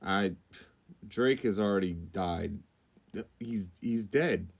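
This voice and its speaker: A man's voice: sits low, slow, creaky, slightly rough. A man co-hosting a podcast, reading news items and riffing on them, loose and profane. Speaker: podcast co-host.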